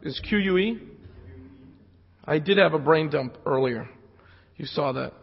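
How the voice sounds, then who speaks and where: Hoarse man lecturing in a reverberant hall. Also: fairly high pitch, a little slow, slight background noise. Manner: casual, joking asides to the audience. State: losing his voice from jet lag. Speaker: security conference speaker. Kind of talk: live technical talk with demos. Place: conference hall. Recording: lo-fi hall recording with long reverb.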